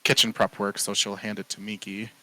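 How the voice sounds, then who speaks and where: A man's voice: lowish voice, little pitch movement, fairly quick, sharp tone, faint music behind, low-quality recording. A man playing his character in a tabletop game, talking in wry, playful banter over an online call. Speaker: player. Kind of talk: in-character tabletop role-play.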